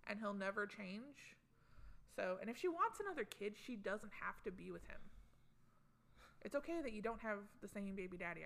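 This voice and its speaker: Young woman dishing celeb gossip, a bit of vocal fry, chatty and joking. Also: mid-range voice, fairly bright tone. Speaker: co-host. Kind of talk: casual pop culture chat.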